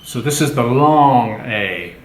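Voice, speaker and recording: A man teaching pronunciation, explaining slowly and patiently and prompting his partner for examples. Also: mid-range voice, expressive. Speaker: language teacher. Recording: echoey room with faint background noise.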